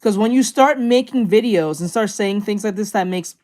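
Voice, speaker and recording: A woman's voice: medium pitch, normal speed, darkish tone. Blunt, rambling woman reaction host. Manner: blunt, profane, rambling with restarts. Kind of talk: casual reaction commentary.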